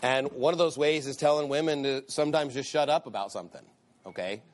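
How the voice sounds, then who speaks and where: Delivering a sermon at a fairly quick clip, this man has a mid-range voice. The pastor repeats phrases to drive points home, speaks with emphasis, and quotes scripture in King James language.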